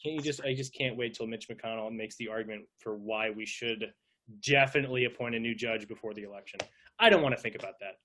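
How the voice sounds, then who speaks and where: Bright-voiced man joking on a podcast. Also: mid-range voice, quick pace, slight background noise. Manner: rambling, joking, playful impressions. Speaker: podcast co-host. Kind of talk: casual podcast chat.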